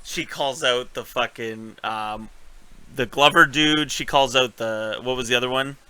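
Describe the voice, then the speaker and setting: A man co-hosting a casual recap podcast, animated and swearing, acting out scenes as he talks. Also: medium pitch, unhurried, clear, resonant tone, no echo, rough recording. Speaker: podcast co-host.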